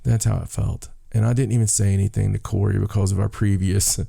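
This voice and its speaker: Low gravelly man telling stories. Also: level tone, brisk, dark tone, no echo, studio quality. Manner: rambling, restarts and repeats words while telling stories. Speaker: podcast co-host. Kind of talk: casual chat, storytelling.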